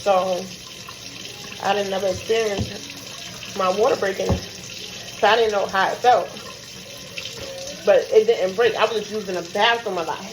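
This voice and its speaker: A young woman telling a chatty, animated storytime for her vlog. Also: mid-range voice, moderate pace, pauses often, noisy background. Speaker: vlogger. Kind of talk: storytime chat. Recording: echoey room.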